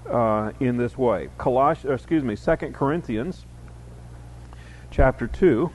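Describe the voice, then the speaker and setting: A man's voice: medium pitch, unhurried, darkish tone, a little hiss or hum. Man teaching a Bible study lecture. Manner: explains word by word, reads verses aloud with emphasis, frequent fillers.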